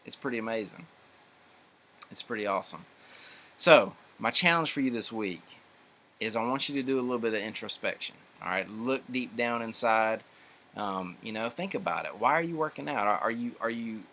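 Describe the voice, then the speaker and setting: Earnest fitness coach, faint background hiss. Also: male voice, medium pitch, a bit bright. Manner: earnest, repeats phrases for emphasis, many fillers and restarts. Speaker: fitness coach and gym owner. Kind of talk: motivational talk to camera.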